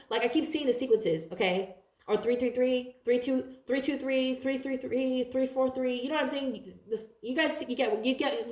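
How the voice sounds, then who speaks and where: A woman's voice: on the high side, darkish tone. A woman giving a casual tarot reading to her viewers, blunt and profane, rambling with lots of fillers. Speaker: tarot reader. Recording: roomy echo.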